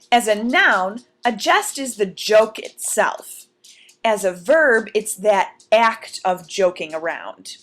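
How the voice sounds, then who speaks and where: A woman teacher giving a recorded vocabulary lesson, explaining words clearly and deliberately and posing questions to her students. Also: medium pitch, a bit bright.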